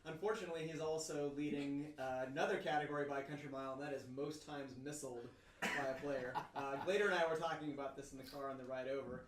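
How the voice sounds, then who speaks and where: A man joining in on a casual podcast, teasing and telling quick stories. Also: on the high side, fairly even intonation, far from the mic, a little hiss or hum. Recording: echoey room, speaker off-mic.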